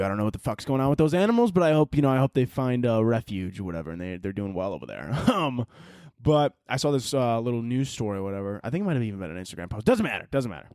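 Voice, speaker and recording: A man's voice: mid-range voice, darkish tone, dry recording. A man hosts a solo podcast, talking in a loose, rambling way with lots of swearing and jokes. His voice sits in a mid range for a man. The recording is dry and close, with no room sound. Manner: rambling, profane, jokey. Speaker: podcast host.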